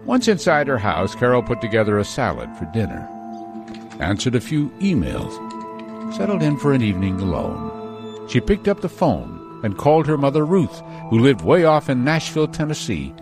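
A man narrating a news story in a dramatic, measured way. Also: mid-range voice, wildly swooping pitch, vocal fry. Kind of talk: scripted narration. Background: music.

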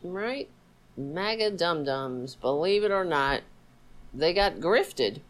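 A woman's voice: lowish voice, expressive, takes it slowly, low-quality recording. A woman hosting a casual political livestream, sarcastic and profane, chatting to her dog between topics. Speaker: livestream host.

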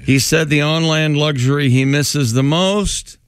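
A man reading offbeat news on a comedy talk show, slightly high-voiced and brisk. The sound is dry and close, with no room echo. He keeps slipping into jokes. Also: clean tone. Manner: reads briskly, breaks into laughter, does bits.

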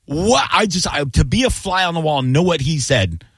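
A man hosting a casual sports radio talk show, telling animated, jokey stories and acting out quotes. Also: a little high, a little fast, slightly rough, dry recording. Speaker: radio host and comedian.

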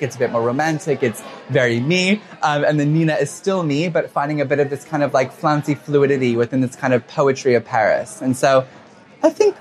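A man in his twenties answering interview questions, talking quickly and emotionally with many fillers and quoted asides. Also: mid-range voice. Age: 20s. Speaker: fashion designer, interview guest.

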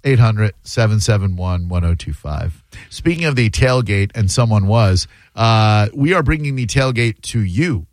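A man hosting a call-in radio show, teasing and mocking his callers in quick banter from a studio microphone. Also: lowish voice, animated, no echo.

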